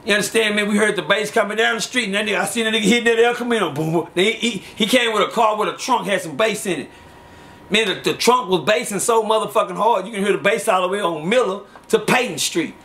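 High-voiced man telling street stories. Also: fast. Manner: animated, acts out quoted voices loudly. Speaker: storyteller. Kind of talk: casual storytelling.

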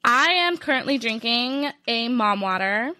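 A woman, co-hosting a casual podcast, chatty and giggly in quick bursts. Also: fairly high pitch, sharp tone, dry recording. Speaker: podcast co-host.

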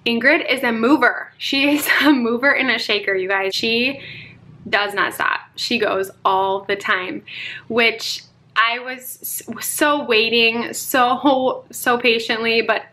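A woman's voice: on the high side, steady tone, slow, sharp tone, slight background noise. A young adult woman chatting casually to camera as a mom vlogger, often laughing and talking to viewers as "you guys".

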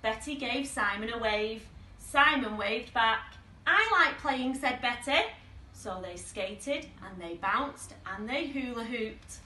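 A woman from a nursery reading a picture book aloud to small children in a slow, expressive storytelling voice, recorded in an echoey room with the mic at a distance. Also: on the high side, slight background noise.

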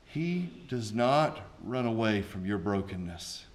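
A man's voice: fairly low pitch, very animated, slow pace. A man, a pastor preaching a sermon with folksy asides and rising intensity.

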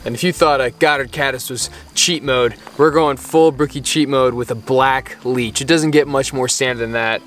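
Male angler-vlogger, excitable and exclamatory, outdoors by a creek. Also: mid-range voice, moderate pace, few pauses, soft background music. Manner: excitable, exclaiming, laughing often. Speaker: fly fishing vlogger. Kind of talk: excited outdoor vlog commentary.

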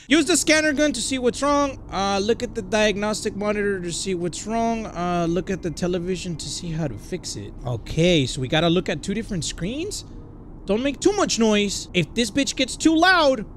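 Loud joking man with Mexican accent. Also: high-pitched, very animated, moderate pace, slight background noise. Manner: loud, crude, joking, yells in bursts. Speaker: gaming YouTuber. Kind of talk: comedic VR gameplay commentary.

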